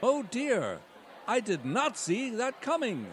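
A man's voice: extremely high pitch, huge pitch swings, takes it slowly, a little hiss or hum, full character voice. A man voicing a pompous male cat news anchor in a mock-formal broadcast delivery.

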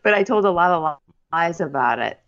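A woman's voice: lowish voice, lively intonation, fairly quick, fairly bright tone, highs cut off. A woman co-hosting a comedy podcast, playful, acting out quotes. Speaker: podcast co-host. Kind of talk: comedic recap chat.

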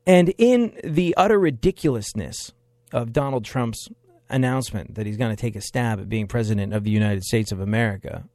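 A man's voice: medium pitch, a little fast, a little mellow, no echo. A man giving sarcastic political commentary, emphatic and repeating phrases for effect.

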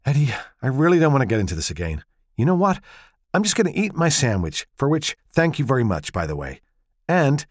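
A man voicing a sharp-witted woman archaeologist who snaps quick, exasperated retorts at her husband in an audiobook. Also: medium pitch, sing-song, slightly rough, no room sound, studio quality, voice pushed up.

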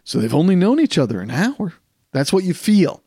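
A man with a gravelly, fry-laced voice holds forth on a casual podcast, circling back and restarting his points as he goes. He sits close to the mic in a dry, dead room. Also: high-pitched, moderate pace, no echo. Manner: rambling, animated storytelling with many restarts. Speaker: podcast co-host.

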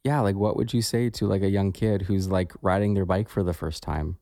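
A man's voice: low-pitched, steady tone, a little fast, dark tone, no echo, clean studio sound. A man co-hosting a podcast, talking in a reflective, casual way with many "like" fillers. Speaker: podcast co-host.

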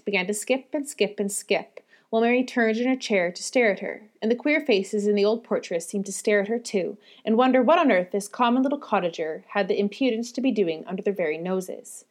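A woman narrating a classic novel in a measured storytelling manner. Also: mid-range voice. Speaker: audiobook narrator.

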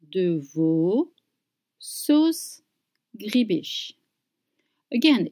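A woman teaching pronunciation, saying each word slowly and clearly and repeating it for learners. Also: a little high. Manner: slow, deliberate, repeats words for learners. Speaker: French teacher. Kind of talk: slow pronunciation lesson.

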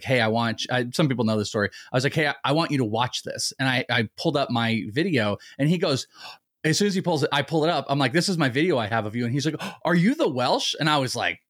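A man's voice: medium pitch, a bit bright, no room sound, studio quality. A man co-hosting a podcast, telling a rambling story in casual chat, laughing along the way. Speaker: podcast co-host.

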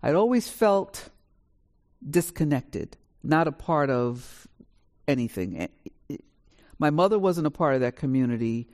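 A woman's voice: low-pitched, measured pace. Woman in her sixties telling her story. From New York, USA. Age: 60s. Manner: lively, animated storyteller who acts out dialogue. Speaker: author on a panel. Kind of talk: storytelling at a live panel discussion. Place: college auditorium with a live audience.

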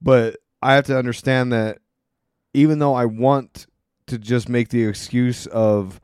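A man's voice: mid-range voice, steady tone, unhurried, darkish tone, clean tone, no echo, clean studio sound. A man co-hosting a casual chat about his marriage, earnest and reflective, often restarting his sentences. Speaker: co-host.

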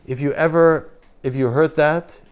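A man's voice: fairly high pitch, steady tone, unhurried. A man leading an informal spiritual talk, pressing his listeners with repeated questions and emphatic asides. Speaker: spiritual teacher.

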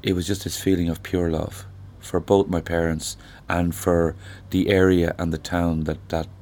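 Irish singer-songwriter in his sixties, low voice, thoughtful unhurried storyteller in an interview. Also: level tone, a little mellow. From Ireland. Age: 60s. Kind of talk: reflective conversational interview.

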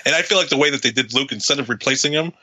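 A man's voice: mid-range voice, rapid-fire, pushed and bright. A man co-hosting a podcast in casual chat, swearing and laughing often. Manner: profane, laughing. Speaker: podcast co-host.

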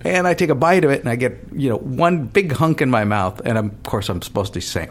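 A man, an actor guest on a radio talk show, telling an animated backstage anecdote and acting out the voices as he goes. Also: medium pitch, moderate pace, hardly any pauses. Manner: lively storyteller who acts out voices and laughs.

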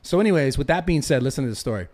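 A man's voice: medium pitch, lively intonation, very fast, a little mellow. A young man on a podcast, telling a story animatedly, swearing a lot and restarting his sentences. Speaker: podcast host. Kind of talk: casual podcast chat.

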